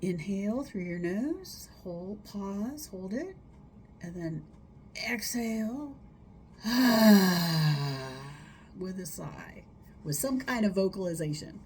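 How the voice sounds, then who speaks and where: A woman's voice: mid-range voice, lively intonation, unhurried, dark tone, slight background noise. A middle-aged woman therapist talking casually and rambling a little, demonstrating breaths and sighs as she gives tips. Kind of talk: casual solo talk giving wellness tips.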